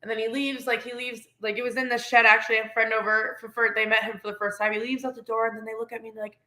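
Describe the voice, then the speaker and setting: Excitable Canadian woman, co-host; bright, tense delivery, acts out quotes. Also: on the high side, racing. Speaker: podcast co-host. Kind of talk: casual chat.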